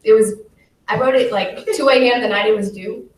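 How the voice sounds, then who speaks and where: A woman's voice: a little high, fairly even intonation, fairly quick. A teenage girl reading her own poem aloud at a school event, nervous, giggly and emotional. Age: late teens. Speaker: high school student poet. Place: school auditorium. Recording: echoey hall from far off, faint noise.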